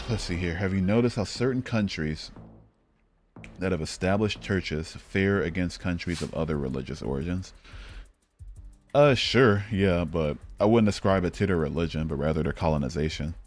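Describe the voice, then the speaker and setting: A man's voice: low voice, a little mellow. A man from Michigan hosting a casual live stream, speaking bluntly and profanely and thinking aloud with many fillers. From Michigan, United States. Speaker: streamer and host. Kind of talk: casual live-stream chat while playing a geography game.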